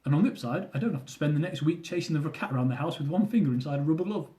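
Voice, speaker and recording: A man reading his own comic travel memoir aloud, with animated delivery. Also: a little high, racing. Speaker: author.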